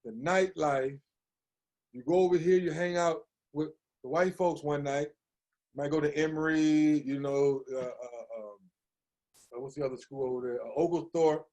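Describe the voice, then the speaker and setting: A man in his fifties from Maryland, a podcast guest telling stories in a lively, slangy way and acting out what others said. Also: a little high, moderate pace. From Hagerstown, Maryland, USA. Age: 50s. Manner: animated, slangy, acts out quoted voices. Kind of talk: conversational storytelling.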